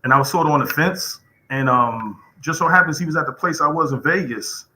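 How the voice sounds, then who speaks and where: A man's voice: on the high side, fairly quick, pushed and bright, a little hiss or hum, poor audio. A man chatting as a podcast guest, laid-back and rambling, with street slang. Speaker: podcast guest, truck driver. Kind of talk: casual chat.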